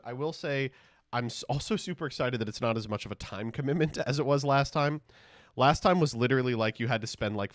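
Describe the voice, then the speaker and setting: A man's voice: medium pitch, dry recording, studio quality. A man live-streaming as he opens trading cards, rambling and joking crudely with his chat.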